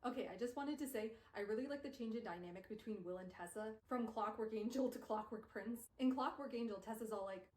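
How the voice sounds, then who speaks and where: A young woman streaming a casual book recap, chatty and wry, with "like" sprinkled through every sentence. Her voice sits fairly high and rings in a roomy, echoing space. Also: fairly quick, hardly any pauses, a little mellow. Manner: chatty, sarcastic, heavy use of "like". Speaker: VTuber streamer. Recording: roomy echo.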